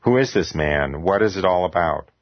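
Cold officer, low voice, dry and dull sound, read by a man. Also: lively intonation, moderate pace, no echo. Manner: curt, snapping orders. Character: cold, cruel male camp commandant. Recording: dull lo-fi recording.

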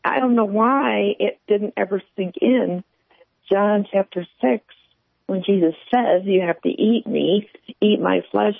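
A woman calls in with her faith story, telling it in an earnest, halting way. Her voice is heavily gravelly and husky. It comes through a tinny, dry phone line. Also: mid-range voice, dry recording. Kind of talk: personal faith testimony.

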